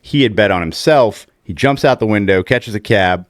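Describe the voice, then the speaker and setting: Young guy w/ a lowish voice, dry close sound, chatting about movies and acting out scenes. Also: normal speed, no echo. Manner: animated retelling, acting out scenes with laughs. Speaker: podcast co-host. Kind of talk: casual film chat.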